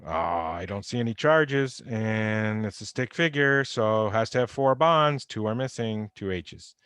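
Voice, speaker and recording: A man's voice: on the low side, expressive, unhurried, few pauses, fairly bright tone, clear, resonant tone, no room sound, clean studio sound. A man teaching an online chemistry lecture in a conversational way, repeating key points and stressing warnings. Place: home or office on a video call. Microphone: computer microphone.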